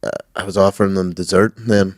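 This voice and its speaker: A young man co-hosting a podcast, telling animated stories in casual chat and laughing often. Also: sits low, fast, no room sound, clean studio sound. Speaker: podcast co-host.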